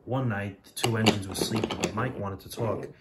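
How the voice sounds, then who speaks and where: A man's voice: on the low side, steady tone, normal speed, very noisy. A man narrating a homemade train story casually, with rambling, jokey asides.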